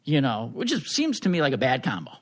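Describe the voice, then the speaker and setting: A man co-hosting a podcast, asking questions in an animated, casual way. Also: medium pitch, fast. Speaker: podcast co-host.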